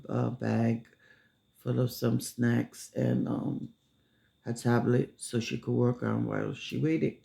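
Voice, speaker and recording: A man telling a story casually, unhurried, with many filler pauses. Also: mid-range voice, vocal fry, darkish tone.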